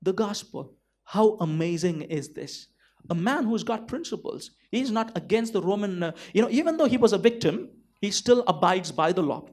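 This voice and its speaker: A pastor preaches with a rather high voice for a man. He keeps turning to his listeners with questions like "right?" and "you know that?". His delivery is emphatic and driven. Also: animated, normal speed, darkish tone. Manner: emphatic, full of rhetorical questions to the congregation. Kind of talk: sermon.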